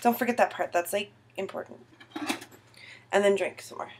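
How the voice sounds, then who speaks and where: A woman's voice: medium pitch, normal speed, a little mellow, slight background noise. A tipsy young woman filming a casual baking tutorial in her home kitchen, giggly, rambling and self-mocking.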